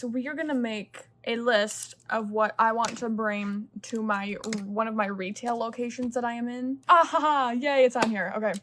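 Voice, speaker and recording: Chatty young woman vlogging. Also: fairly high pitch. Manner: chatty and rambling, often whispering late at night. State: sleepy at two in the morning. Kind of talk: casual chat to camera.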